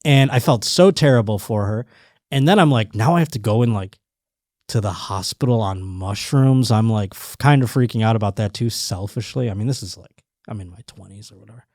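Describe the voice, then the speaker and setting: A man's voice: lowish voice, a little fast, no room sound. Man telling a rambling story, dry sound. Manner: rambling, animated storytelling with restarts and quoted voices. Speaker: podcast host. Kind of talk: casual storytelling chat.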